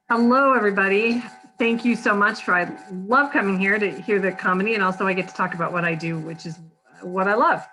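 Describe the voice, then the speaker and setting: A woman's voice: mid-range voice, brisk, bright, forceful tone, low-quality recording. A woman, founder of a charity, giving a short earnest upbeat talk to a comedy audience, with frequent ums. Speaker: charity founder and guest speaker.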